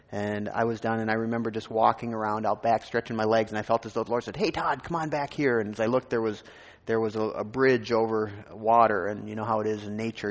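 A man's voice: lowish voice, long reverb tail. A man from Minnesota, a pastor, telling his personal testimony in a sermon in an informal, rambling way with many restarts.

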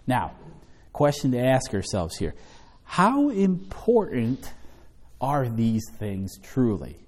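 A man's voice: fairly low pitch, animated, a little slow, darkish tone. A man teaching a Bible study, emphatic, stressing and repeating key words and asking rhetorical questions. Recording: long hall reverb.

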